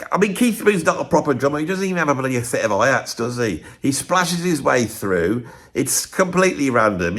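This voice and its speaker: A man, a drummer hosting his own video, talking bluntly and rambling, at times arguing with himself. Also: medium pitch. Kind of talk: casual opinionated monologue.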